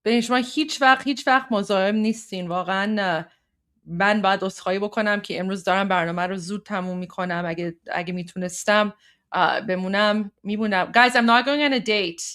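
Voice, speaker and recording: A woman's voice: medium pitch, racing, a bit bright. Chatty woman hosting a livestream. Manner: chatty, apologetic, mixes Persian and English. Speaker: livestream host. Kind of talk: casual livestream chat.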